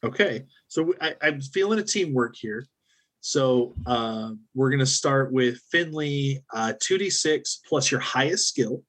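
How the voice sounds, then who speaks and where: A man running a tabletop role-playing game as game master, relaxed and joking as he rules on dice rolls. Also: mid-range voice, a little slow.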